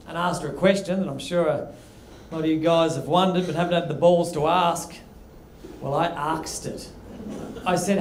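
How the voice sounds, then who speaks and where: A man's voice: sits high, a little hiss or hum. A man doing a stand-up routine, building setups toward punchlines. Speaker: stand-up comedian. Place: comedy club stage. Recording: echoey live venue.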